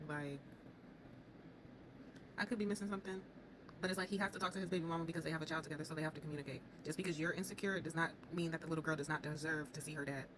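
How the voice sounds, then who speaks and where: Fast-talking opinionated woman recapping TV. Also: deep voice, background noise. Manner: animated, opinionated, talks straight to the viewers. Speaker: reality TV commentator. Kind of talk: casual recap commentary.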